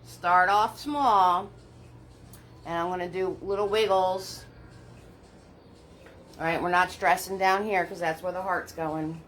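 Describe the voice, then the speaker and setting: A woman's voice: fairly low pitch, steady tone, fairly bright tone, a little hiss or hum, low-quality recording. A woman teaching a live paint-along class, chatty and encouraging, talking herself through each brush step with little laughs. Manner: slow, unhurried delivery with little laughs. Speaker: painting instructor.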